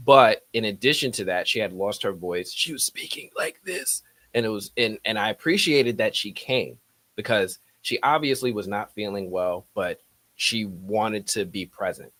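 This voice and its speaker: A man's voice: on the low side, fairly bright tone. A man hosting a movie blog, talking casually and rambling. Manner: rambling, heartfelt, thankful. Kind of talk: casual video commentary.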